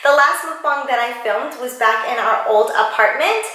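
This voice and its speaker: A young woman in a casual, excited vlog, her high voice bubbly and sing-song. Her bright, forward tone bounces around a very echoey room at home. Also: moderate pace. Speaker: YouTuber. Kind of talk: casual mukbang vlog chat.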